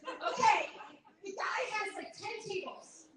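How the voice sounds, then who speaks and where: A woman giving a live workshop talk to an audience, animated and acting out other people's lines in a higher voice. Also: normal speed, crowd noise. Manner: animated, acts out her mother's lines in a higher voice. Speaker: workshop presenter. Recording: echoey room, far from the mic.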